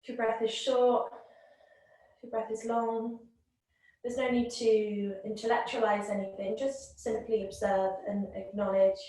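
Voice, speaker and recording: A woman teaching a yoga class, guiding the breath in a calm, gentle, unhurried way. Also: fairly high pitch. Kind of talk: guided yoga and breathing instruction. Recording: very echoey room, voice from a distance.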